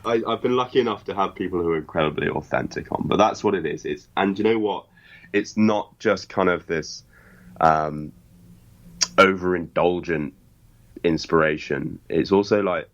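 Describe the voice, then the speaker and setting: Deep-voiced British man, emphatic coach. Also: normal speed, dull audio. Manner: emphatic, motivational, earnest. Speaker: podcast host and life coach guest. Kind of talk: interview conversation.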